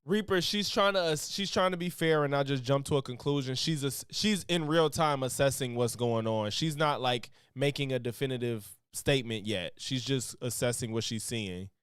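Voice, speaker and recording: A man streaming casual reaction commentary, animated, laughing often and breaking into loud exclamations. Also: mid-range voice, moderate pace, hardly any pauses, a little hiss or hum.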